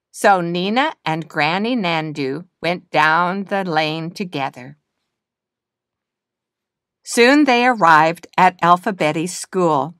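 A woman reading a children's picture book aloud in a slow, expressive, sing-song way. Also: fairly low pitch, no echo, clean studio sound. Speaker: storybook reader. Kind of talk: children's storybook narration.

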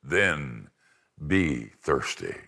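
A man's voice: a bass voice, very animated, extremely slow, creaky, pushed and bright, exaggerated voice. An older man voicing a great, stern male lion in a sermon story, giving terse, solemn replies.

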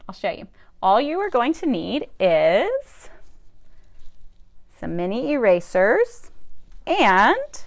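A young adult woman, a speech therapist, explaining a classroom activity step by step in an upbeat, chatty way with some fillers. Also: on the low side. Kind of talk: instructional video demonstration.

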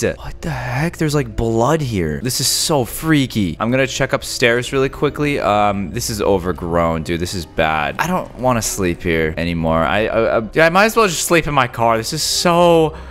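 Jumpy young man with lively commentary. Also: on the low side, moderate pace, few pauses. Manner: jumpy, excitable, gasps and yells when startled; casual slang, talks to viewers. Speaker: gaming YouTuber. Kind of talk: gameplay commentary.

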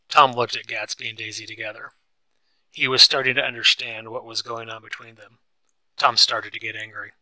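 A man narrating a simplified novel in a clear, steady storytelling voice. His tone is very bright and forceful. The recording is dry, with no room sound. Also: mid-range voice, normal speed, dry recording, rough recording. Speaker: reader.

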